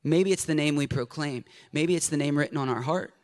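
A man preaching a sermon, building to shouted passion and then easing into quiet storytelling. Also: a little high, a little fast.

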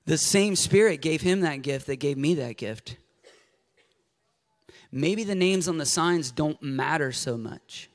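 A man preaching a sermon, building to shouted passion and then easing into quiet storytelling. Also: on the high side, animated, takes it slowly.

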